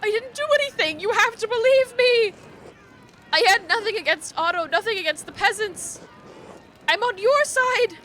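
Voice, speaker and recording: A woman's voice: high voice, fairly quick, few pauses, bright, forceful tone, slight background noise. A woman voicing a desperate middle-aged male miller who pleads and sneers. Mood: pleading.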